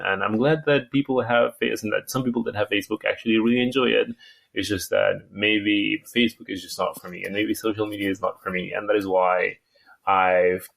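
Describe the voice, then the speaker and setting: Hesitant low-voiced man, gravelly. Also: fairly bright tone. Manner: hesitant, thoughtful, many pauses and restarts. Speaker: film club member. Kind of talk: casual group discussion.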